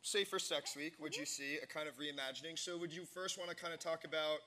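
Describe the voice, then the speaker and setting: A man's voice: a little high, steady tone, fast, bright, forceful tone. A young man hosting a live campus talk show, chatty and laughing often. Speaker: host. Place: campus stage with live audience.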